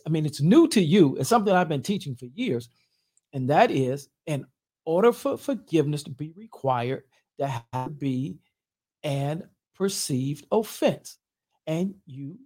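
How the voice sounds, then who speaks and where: A male pastor talks as a guest in a measured, preacherly manner, and he laughs easily between points. His voice swings widely in pitch, very animated and lively as he teaches. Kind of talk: conversational teaching.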